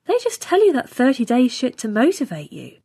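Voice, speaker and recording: A woman reading a storybook voices a brash, crude, competitive young woman astronaut trainee who talks loudly and swears. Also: high-pitched, huge pitch swings, fairly quick, slightly rough, pitched above the performer's own voice, exaggerated voice. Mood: mocking. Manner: loud, swaggering, swearing.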